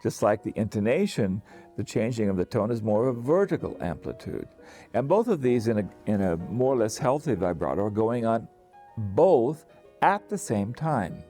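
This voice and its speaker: A man teaching singing, explaining calmly to camera with many restarts and short sung demonstrations. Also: on the low side, moderate pace, soft background music. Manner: relaxed, thinking aloud with restarts and sung demonstrations.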